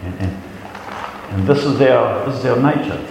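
A man's voice: mid-range voice, moderate pace, gravelly, a little mellow, slight background noise. A man preaching a sermon, talking in a conversational way and often repeating words as he restarts. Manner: conversational, repeats words when restarting, acts out doubters' voices. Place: large echoey hall. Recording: echoey hall with long reverb.

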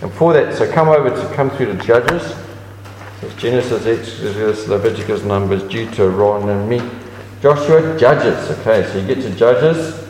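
A man's voice: lively intonation, normal speed, a little hiss or hum. Man preaching in an echoey hall. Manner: conversational preaching with pitch swings and restarts. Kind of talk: sermon. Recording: echoey hall with long reverb.

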